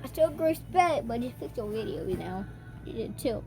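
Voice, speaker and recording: A woman giving casual, excitable commentary while she reacts to a scary short film, often breaking into jumpy, loud exclamations. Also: a little high, normal speed, over loud music. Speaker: video reactor.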